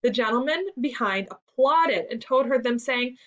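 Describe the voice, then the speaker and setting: A woman reading a classic story aloud in an expressive storytelling manner for a school reading lesson. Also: a little high, normal speed, few pauses. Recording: dull lo-fi recording.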